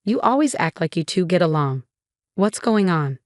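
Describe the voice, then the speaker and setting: Firm, protective young husband, voiced by a woman reader; earnest, low-pitched, dry. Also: very animated, normal speed, darkish tone, no room sound. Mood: stern.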